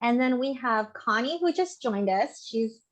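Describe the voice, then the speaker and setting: A woman hosts a casual group video call, welcoming each guest with effusive praise. Her voice sits a little high. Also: lively intonation, a little slow. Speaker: host.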